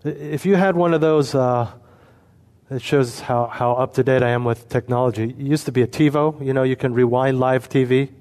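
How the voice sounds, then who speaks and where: A man preaching an expository sermon, earnest and emphatic, slowing down to stress key points. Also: medium pitch, darkish tone. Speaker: pastor.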